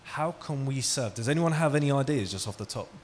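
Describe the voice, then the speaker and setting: A man's voice: mid-range voice, lively intonation, a little fast, a little hiss or hum. A man giving an interactive talk, asking the audience questions and telling stories. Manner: engaging, asks the audience questions. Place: hall with an audience.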